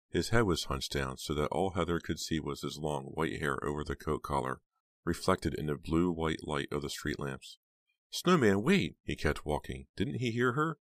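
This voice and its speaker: A man narrating an audiobook in a steady, measured reading. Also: a bass voice, no room sound, clean studio sound.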